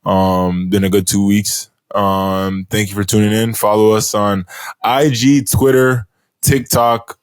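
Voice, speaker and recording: Male podcast co-host, low voice, relaxed filler-heavy banter, dry mic. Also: slow, clean tone, dry recording. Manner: laid-back, many fillers. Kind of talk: casual chat.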